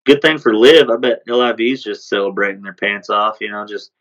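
A man co-hosting a podcast, talking sports in a relaxed, rambling way with lots of fillers. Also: on the low side, brisk, highs cut off. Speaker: podcast co-host. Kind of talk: casual sports chat.

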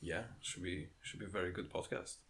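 A young man from England with a deep, warm voice, co-hosting a casual podcast with dry, deadpan quips. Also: fairly quick. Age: young adult. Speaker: podcast co-host. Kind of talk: casual comedic chat.

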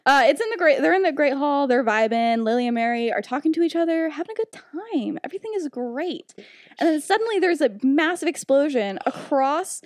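A woman's voice: high voice, lively intonation, brisk, no room sound, studio quality. A woman casually retelling a story on a podcast, giggling often and quoting characters with lots of "like".

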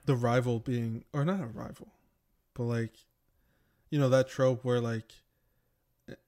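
A man's voice: medium pitch, steady tone, unhurried, dark tone. A young man co-hosting a podcast, chatting casually and jokingly, rambling with lots of fillers. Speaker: podcast co-host.

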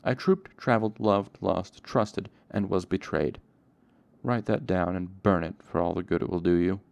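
A man's voice: deep voice, fairly even intonation, fairly quick, darkish tone, smooth, no room sound, muffled recording, natural voice. A man voicing a brooding male innkeeper in an audiobook reading, curt and sarcastic. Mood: bitter.

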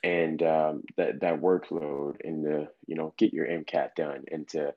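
A man's voice: rumbling low, flat delivery, unhurried, phone-quality sound. A man hosting a casual interview, laid-back and encouraging, with slangy reactions. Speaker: podcast host.

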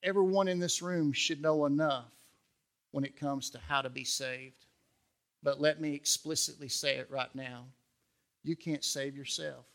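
A man's voice: fairly high pitch, fairly even intonation, measured pace, a bit bright. A middle-aged pastor preaching an earnest, emphatic sermon in a church, asking his listeners questions. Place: church sanctuary.

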